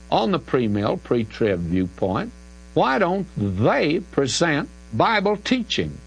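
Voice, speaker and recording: Folksy older teacher. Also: male voice, mid-range voice, vocal fry, breathy edge, poor audio. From American South. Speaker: Bible teacher. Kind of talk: radio Bible question-and-answer.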